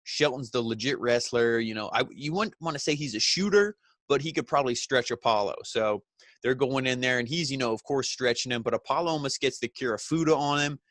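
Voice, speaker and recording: Male reviewer, mid pitch, sardonic and crude, dry close sound. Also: a little fast, a bit bright, no room sound. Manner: sarcastic, profane, mocking impressions of wrestlers. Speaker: wrestling show reviewer. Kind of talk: casual recap commentary.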